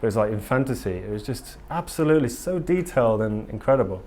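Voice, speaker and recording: A man's voice: medium pitch, lively intonation, fast talker, darkish tone. Earnest rambling man giving a talk. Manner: rambling and earnest, with frequent ums and restarts. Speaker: conference speaker. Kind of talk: casual conference talk to a live audience. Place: conference room.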